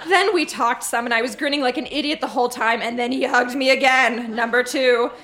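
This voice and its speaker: A woman stands at a stage mic reading her teenage diary to a live audience. Her voice is bright and sits a little high, and she leans into the melodrama with gushing, comic timing. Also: brisk. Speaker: live show reader. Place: stage before a laughing audience.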